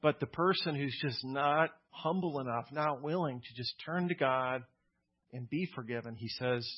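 A man's voice: mid-range voice, normal speed, lo-fi sound. A male pastor preaching a sermon in a plainspoken, conversational way, with casual asides.

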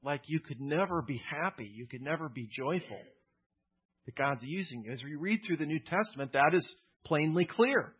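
A male pastor preaches in a relaxed, conversational way, mixing plain talk with casual asides. His voice sits a bit high and sounds husky. The recording is dull and lo-fi. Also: normal speed. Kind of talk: sermon.

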